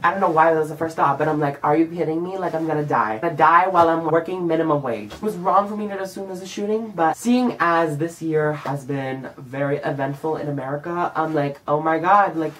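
A young man vlogging a casual storytime monologue, animated and profane, acting out what he said in the moment. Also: a little high, brisk, few pauses, poor audio. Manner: animated and profane, acts out his own lines.

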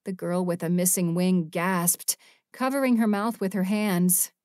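A woman narrating an audiobook in the first person with an expressive, emotive reading. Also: lowish voice, unhurried, no echo, clean studio sound.

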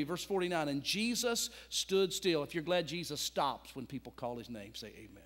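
A male pastor preaching a sermon, telling a story dramatically and swinging between loud and hushed. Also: on the high side, expressive, fairly quick, few pauses. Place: church sanctuary. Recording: long church reverb.

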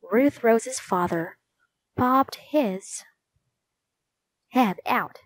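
A woman reading a children's chapter book aloud, in slow, clear, measured narration. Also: medium pitch, no echo, low-quality recording. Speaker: reader.

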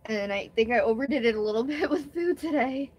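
A woman's voice: a little high, lively intonation, brisk, a little mellow, breathy edge. A young woman vlogger talking candidly in a rambling, emotional way during her first live stream. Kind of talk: casual live-stream chat.

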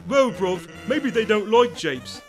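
A man's voice: high voice, animated, slow, soft background music. A man voicing a lazy, teasing male skeleton with a laid-back drawl, tacking slang onto every line. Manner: laid-back, teasing, says bruv a lot.

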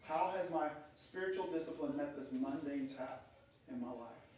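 In an echoey church sanctuary recorded from far away, a middle-aged pastor preaches, narrating stories and voicing the people he quotes. His pitch is on the high side, his pace moderate, his tone a little mellow, with a faint hiss or hum underneath.

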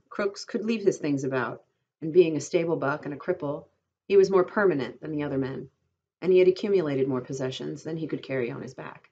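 A woman teacher reads a novel aloud in a low, steady voice, stopping now and then to question her class. Her voice is even and clear. The recording sounds dull and lo-fi.

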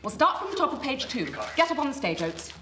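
A woman's voice: high voice, big pitch swings, quick pace, roomy sound, background noise. An actress playing a bossy, impatient young woman directing an amateur play.

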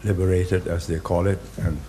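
A man, giving a public speech in deliberate, halting phrases and hitting key words hard. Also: low voice, flat delivery, mellow. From Singapore. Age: 80s. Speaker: invited speaker.

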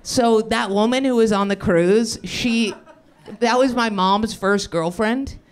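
A young woman doing improvised stand-up on a club stage, brash and profane, riffing fast and slipping into mocking voices. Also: on the high side, clear, resonant tone. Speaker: stand-up comedian. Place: comedy club stage with audience.

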